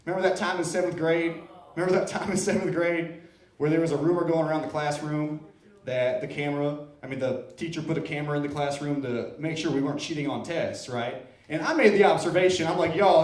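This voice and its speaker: A man from Iowa works an open-mic crowd with playful, self-mocking stand-up. His voice sits a little high. It rings through an echoey club room and is picked up from some distance. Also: fast talker. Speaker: stand-up comedian. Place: comedy club stage.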